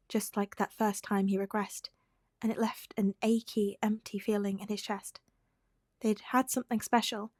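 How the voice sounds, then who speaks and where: A woman reading fan fiction aloud as an audiobook narrator, with a soft, even storytelling delivery close to the mic. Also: mid-range voice, dry recording. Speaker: podfic reader.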